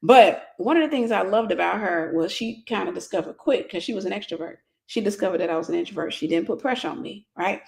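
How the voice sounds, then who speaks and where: A woman's voice: mid-range voice, expressive, fast talker, creaky, few pauses. A woman minister in her forties telling a personal story in a casual livestream sermon, greeting viewers by name.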